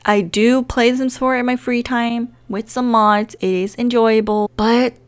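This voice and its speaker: A woman's voice: on the high side, steady tone, measured pace, smooth. A young woman whose first language is Dutch, chatting casually as a gaming YouTuber, rambling and self-deprecating. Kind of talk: casual chat.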